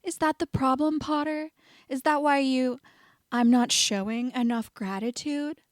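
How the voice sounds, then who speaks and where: A woman's voice: sits high, steady tone, a little slow, no room sound, clean studio sound, pitched above the performer's own voice. A woman reading the lines of a spiteful, sneering young man in an audiobook, mocking and sarcastic.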